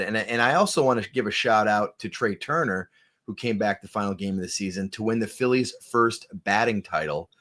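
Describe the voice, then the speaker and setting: Deep-ish guy hosting a sports podcast, chatty, laughs a lot. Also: fairly bright tone. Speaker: host. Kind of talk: casual sports podcast chat.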